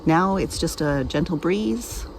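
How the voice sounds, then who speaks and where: A woman's voice: on the low side, unhurried, background noise. Chatty woman vlogging outdoors. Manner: chatty, gets emotional and laughs softly. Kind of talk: casual vlog narration. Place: outdoor campground by a lake.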